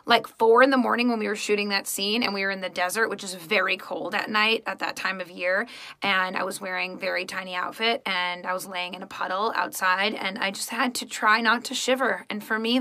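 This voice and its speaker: A woman's voice: medium pitch, pushed and bright, no echo. A woman, an actress and voice actress, telling rambling stories in a casual recorded message to a fan. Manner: chatty, rambling storytelling.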